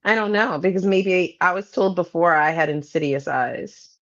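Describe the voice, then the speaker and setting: A woman's voice: on the low side, normal speed, fairly bright tone. A woman co-hosting a podcast over a video call, chatting casually with a teasing, joking manner. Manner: teasing, joking, playful asides. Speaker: podcast co-host. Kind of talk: casual chat. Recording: dull lo-fi video call audio.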